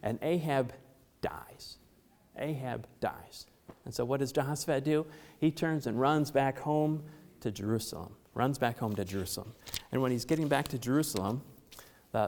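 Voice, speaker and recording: Preacher, male, animated storyteller who voices each character, long hall reverb. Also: mid-range voice. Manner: animated, acts out characters' lines in quick voices. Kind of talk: sermon retelling a Bible story.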